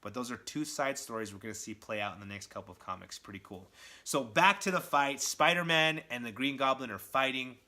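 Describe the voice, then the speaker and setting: Excitable man with a bright voice. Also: medium pitch, a little fast. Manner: excitable, chatty retelling full of "like". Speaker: comic book reviewer. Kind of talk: casual comic recap vlog.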